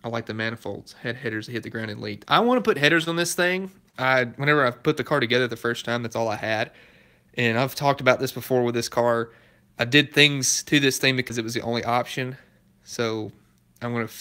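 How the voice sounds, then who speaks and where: A man's bright, forceful voice in a casual live stream from a car workshop. He reads viewer comments aloud and answers in a relaxed, chatty way, chuckling now and then. His pitch sits in the middle for a man. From Southern United States. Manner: chatty, laid-back, chuckles between comments. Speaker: car restoration YouTuber. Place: garage workshop.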